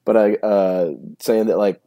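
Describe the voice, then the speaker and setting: A man with a lowish, mellow voice chats casually about sports as a co-host. He rambles, piles up fillers and laughs easily along the way. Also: fairly even intonation, a little slow. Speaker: podcast co-host.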